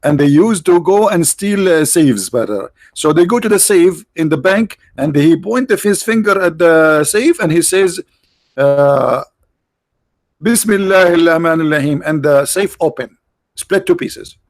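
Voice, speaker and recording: A man's voice: on the high side, expressive, unhurried, dry recording. Sarcastic man hosting a debate livestream. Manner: mocking, sarcastic, with broken English phrasing. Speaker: livestream host. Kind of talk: livestreamed religious debate commentary.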